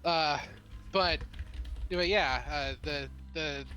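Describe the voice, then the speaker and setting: Playful game master, bright voice. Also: male voice, fairly high pitch, extremely slow, soft background music. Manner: playful, laughing often. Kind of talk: narrating a tabletop game.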